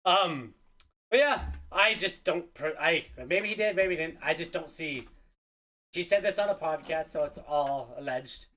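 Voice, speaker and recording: A man's voice: fairly high pitch, unhurried, bright, forceful tone. A man co-hosting a podcast in casual chat, rambling loosely. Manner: loose, rambling, lots of fillers. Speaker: podcast co-host.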